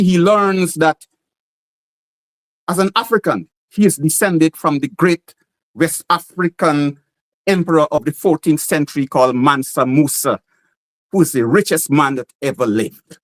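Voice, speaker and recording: A man with a Guyanese accent speaks as a playwright in an interview, telling animated stories. His voice sits notably high for a man. He slips into the voices of the people in his stories as he goes. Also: rough recording. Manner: animated, acts out quoted voices. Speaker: playwright guest. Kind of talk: interview storytelling.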